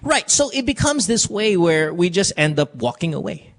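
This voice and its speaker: A man hosting a radio advice show, talking bluntly and profanely in animated stories. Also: high voice, normal speed. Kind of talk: casual radio talk.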